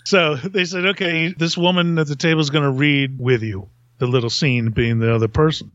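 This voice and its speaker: A man's voice: a little high, steady tone, a little fast, fairly bright tone, dry recording. Middle-aged male host, casual rambling storyteller who laughs at himself; dry, dull-sounding audio. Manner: rambling, self-mocking, laughs at own stories. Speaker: podcast host.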